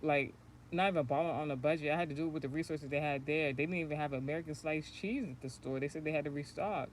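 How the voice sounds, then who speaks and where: A fast-talking woman with a low-pitched voice runs a spiritual channel and tells a long story in a relaxed livestream. She meanders, uses profanity, and laughs a lot, over a faint hiss or hum.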